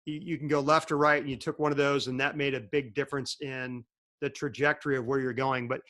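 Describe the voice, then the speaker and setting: A man's voice: medium pitch, little pitch movement, brisk, fairly bright tone. Encouraging male host asking questions. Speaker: interview host. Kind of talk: casual interview talk.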